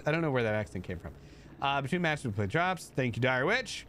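A man's voice: animated, brisk, fairly bright tone, a little hiss or hum. A man hosting a live stream, chatting casually and rambling as he reads and answers his chat. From United States. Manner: chatty and rambling, jumping up high when thanking viewers.

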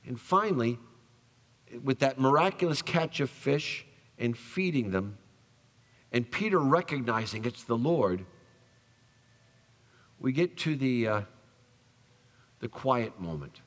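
Brief: male pastor, mid-pitched voice, preaching with lively storytelling, church reverb. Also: takes it slowly, pauses often. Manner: animated storytelling, acts out quoted voices, drops soft for tender lines. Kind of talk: sermon. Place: church sanctuary.

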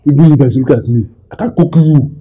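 A man's voice: medium pitch, a little fast, mellow, slightly rough, natural voice. A man with a Nigerian accent playing a boastful young cook interviewing for a job, rambling and mixing in Pidgin. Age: 20s.

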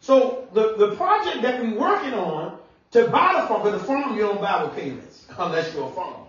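A man preaching a sermon as pastor, animated and conversational, sometimes shouting and laughing. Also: sits high, normal speed. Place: church sanctuary. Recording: echoey church room, mic at distance, dull sound.

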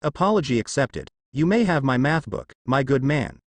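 A man's voice: medium pitch, expressive, moderate pace, slight background noise, natural voice. A man reading a fan story, voicing a playful teenage girl classmate who talks in a smug, teasing way.

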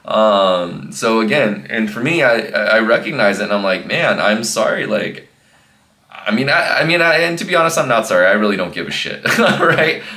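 A fitness coach gives a casual motivational talk in a low, bright, forceful voice. He speaks earnestly and rambles, restarting sentences and filling pauses as he goes. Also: animated.

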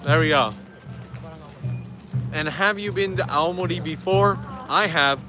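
A man's voice: a little high, a little slow, music in the background. Chatty male livestream host, outdoors. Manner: chatty, answers viewer questions while walking. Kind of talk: casual live-stream chat. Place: outdoors in a park.

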